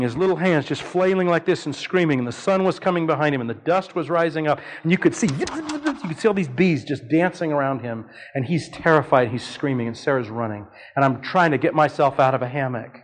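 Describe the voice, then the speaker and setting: A man in his fifties preaching a sermon, telling a family story with animated delivery and leaps of voice for dramatic quotes. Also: on the high side, poor audio.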